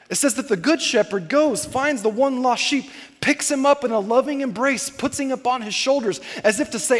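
Male pastor preaching, high voice, keeps repeating his main points, long echo like a big hall. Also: a little fast. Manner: conversational and emphatic, repeats key points. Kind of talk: sermon.

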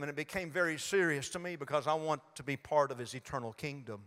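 A man's voice: on the high side, fast, few pauses, a bit bright, in a large hall. An older man preaching a sermon in a folksy storytelling way, acting out little voices as he goes. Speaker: pastor.

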